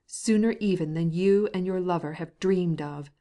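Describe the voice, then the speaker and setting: A woman voicing a desperate, ashamed young wife who pleads in a low, tearful voice. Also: normal speed, warm tone, lightly acted. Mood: bitter.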